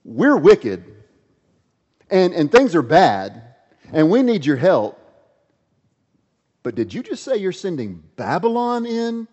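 A man voicing an anguished prophet who pleads urgently with God, raised and loud, in an echoey, dull-sounding hall. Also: high-pitched, huge pitch swings, takes it slowly, pauses often, pitched above the performer's own voice, full character voice. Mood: alarmed.

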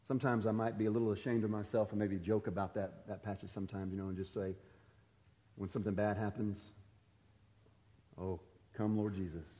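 A man preaching a sermon, swinging from loud, urgent emphasis to quiet, hushed asides. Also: on the low side, flat delivery, quick pace, big-room sound. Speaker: pastor.

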